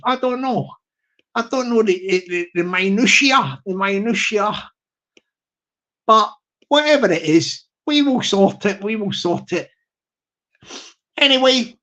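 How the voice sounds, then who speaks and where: A man with a Southwest England accent hosting a casual livestream, chatty and rambling, repeating his phrases and laughing as he gives shout-outs. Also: extremely high pitch. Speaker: livestream host.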